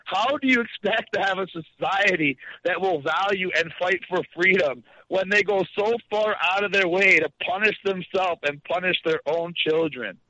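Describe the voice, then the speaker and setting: A man's voice: sits high, pushed and bright, no room sound. A man from Canada ranting with passion as a guest on a talk radio interview, heard through dull lo-fi radio sound. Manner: impassioned, ranting.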